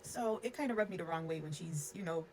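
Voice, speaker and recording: A woman's voice: lowish voice, expressive, fast, a little mellow, slight background noise. A young adult woman telling a personal storytime in a frank, unfiltered way, with lots of "like" and some cussing. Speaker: storyteller vlogger. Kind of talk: casual storytime.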